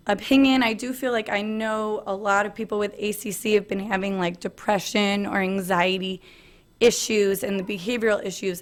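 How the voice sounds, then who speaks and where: A woman in her thirties giving an earnest personal presentation at a family meeting, pausing often on "um". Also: mid-range voice. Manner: earnest, frequent "um" fillers, light laughs.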